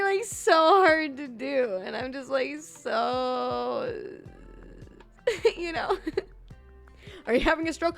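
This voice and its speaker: A woman's voice: very high-pitched, fairly bright tone. A woman streamer chatting casually while reacting to a video, playful, swearing and laughing a lot.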